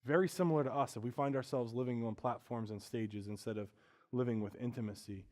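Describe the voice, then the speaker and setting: A pastor preaching a sermon, earnest and candid, moving from quiet reflection to loud, animated stretches. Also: male voice, medium pitch, brisk.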